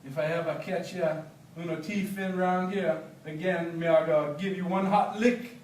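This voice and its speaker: A man putting on a jolly burly Jamaican cabbie, raised bright voice, roomy echo, storybook reading. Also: sits high, fairly even intonation, moderate pace, a little hiss or hum, close to an everyday voice. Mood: hearty. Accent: Jamaican patois. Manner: hearty, chuckling. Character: jovial burly Jamaican male taxi driver. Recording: roomy, distant, faint background.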